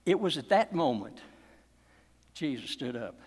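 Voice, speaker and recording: A man preaching a sermon as pastor, with emphatic, dramatic delivery and pauses. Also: medium pitch, big pitch swings, slightly rough. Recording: long echo of a large hall.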